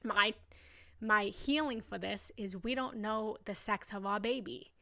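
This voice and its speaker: Bright, gravelly-voiced young woman gushing. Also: medium pitch. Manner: gushing and emotional, quick to laugh. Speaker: meditation teacher hosting a live session. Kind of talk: casual live-stream chat.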